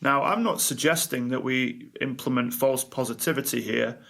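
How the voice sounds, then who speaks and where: Male life coach guest, mid voice, animated storyteller. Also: medium pitch, vocal fry. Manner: animated storytelling, quick asides and laughs. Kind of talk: podcast interview conversation.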